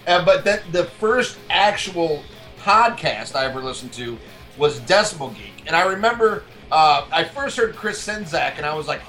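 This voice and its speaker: A man's voice: fairly high pitch, animated, normal speed, bright, forceful tone, faint music behind. A man from New Orleans co-hosting a podcast, rambling and enthusiastic with many fillers. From New Orleans, USA. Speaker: podcast co-host. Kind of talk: casual podcast banter.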